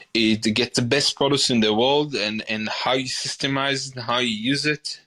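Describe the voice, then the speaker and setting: A man in his forties with an Israeli accent, a chef telling his story in a casual interview, animated and often repeating words as he restarts. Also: medium pitch. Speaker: chef, podcast guest.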